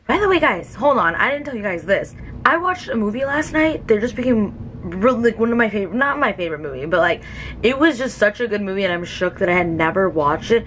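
A woman's voice: mid-range voice, expressive, fairly quick, a bit bright, slight background noise. A young woman in a casual beauty vlog, talking emotionally to camera with lots of "like" fillers. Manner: chatty, emotional, many "like" fillers. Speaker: beauty vlogger.

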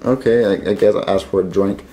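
A man's voice: low-pitched, brisk, mellow, faint music behind. A man voicing a naive, eager male puppet in a comedy sketch, talking hesitantly and stammering as he agrees to everything.

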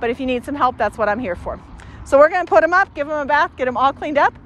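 A woman dog trainer commenting during an outdoor training session, giving quick commands and upbeat praise to a dog. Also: high voice, lively intonation, a bit bright. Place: outdoors near trees.

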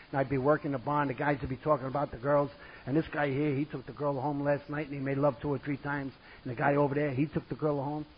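A man tells his recovery story to an audience at a conference. His voice is husky and sits a little high, and he leans on repeated lines and deadpan punchlines. The recording sounds dull and lo-fi. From New York. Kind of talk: personal recovery talk to an audience.

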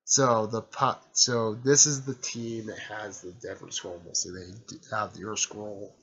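A man's voice: fairly low pitch, flat delivery, measured pace, pushed and bright, muffled recording. A man casually retelling a story in a rambling way, tacking "there" and "stuff like that" onto his sentences.

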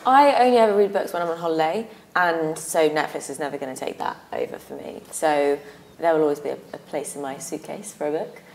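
Low-voiced woman, measured. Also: a little mellow, a little hiss or hum. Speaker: fashion team panelist. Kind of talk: casual studio chat. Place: studio sofa.

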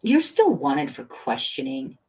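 A woman reading the lines of a smug, menacing grown man who taunts calmly and matter-of-factly. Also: rumbling low, measured pace, breathy edge, full character voice. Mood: taunting.

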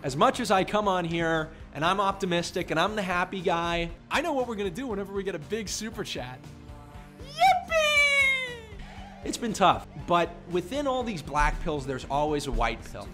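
Animated young man streamer over music. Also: high voice, a little fast, hardly any pauses. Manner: excitable, swings from earnest to joking. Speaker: livestreamer. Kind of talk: casual livestream chat.

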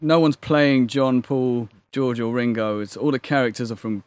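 A man's voice: mid-range voice, steady tone, normal speed, clear, resonant tone. A man in his thirties, an actor as interview guest, telling a long story in a loose, rambling way full of hedging phrases. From England. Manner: rambling, full of "sort of" and quoted dialogue.

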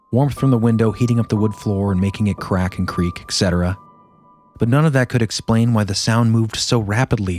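A man hosting a podcast, reading a listener's first-person story aloud in a steady, measured way. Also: fairly low pitch. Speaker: podcast host.

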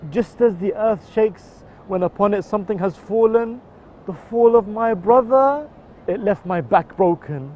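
A man explains and then recites a mournful devotional poem, his voice swelling on cries and dropping soft at line ends. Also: high voice, unhurried, slight background noise. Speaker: religious poetry reciter. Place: outdoors in a city. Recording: dull, muffled outdoor recording.

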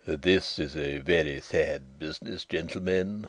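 A man reading the part of a frail, white-haired old male director who speaks in a soft, whispering, confiding way. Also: low-pitched, expressive, normal speed, no room sound, pitched below the performer's own voice.

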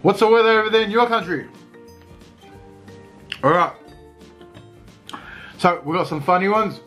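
Slow-talking man vlogging a family mukbang. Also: high voice, faint music behind. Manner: relaxed, chatty, laughs between bites. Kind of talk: casual mukbang chat. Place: at home.

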